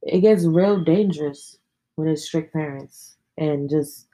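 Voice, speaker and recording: A young adult woman hosts a podcast, telling personal stories in a slangy, candid, casual chat sprinkled with plenty of swearing. Her deep, mellow voice takes things slowly. The recording is low quality.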